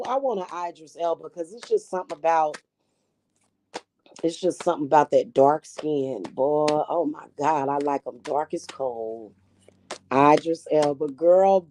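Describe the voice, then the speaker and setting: A woman's voice: sits low, expressive, normal speed, warm tone. A woman talking casually to camera, brash and profane, about witchcraft and spirit work. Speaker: spiritual reader and vlogger.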